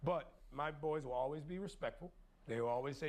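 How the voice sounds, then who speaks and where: A man's voice: a little high, fairly quick. A middle-aged father speaking in a firm, proud, declarative way. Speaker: father being interviewed.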